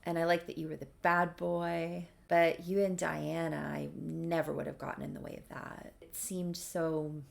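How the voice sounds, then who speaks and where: A woman voicing a blunt, sharp-tongued young woman in a storybook recap, in candid and slightly defensive talk. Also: deep voice, level tone, normal speed, creaky, hardly any pauses.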